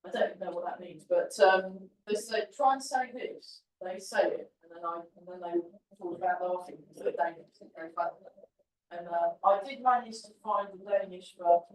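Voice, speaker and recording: A woman's voice: on the low side, fairly even intonation, brisk. A woman teaching a tai chi class, chatty and encouraging as she talks through the moves. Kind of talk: teaching a class while demonstrating. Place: large roomy class hall. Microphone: camera at a distance. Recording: echoey hall from far off.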